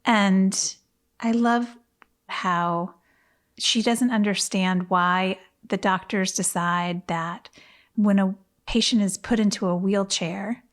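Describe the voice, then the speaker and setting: A woman co-hosting a book podcast in casual chat, animated and often laughing as she reads passages aloud. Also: medium pitch. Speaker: podcast co-host.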